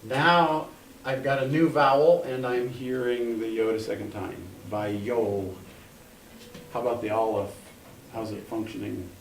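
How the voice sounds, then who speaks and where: A man's voice: medium pitch, fairly even intonation, unhurried. A man teaching a class, patiently coaching students through pronunciation syllable by syllable. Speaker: Hebrew teacher. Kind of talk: classroom instruction. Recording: echoey room, mic at a distance, faint noise.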